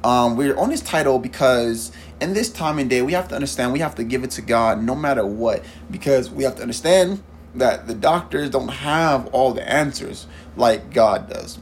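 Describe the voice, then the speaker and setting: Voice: mid-range voice, normal speed, a little hiss or hum. A podcast preacher praying and preaching earnestly, repeating phrases and asking the listeners questions. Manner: fervent, repeats "Father God" often. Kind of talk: prayer and sermon.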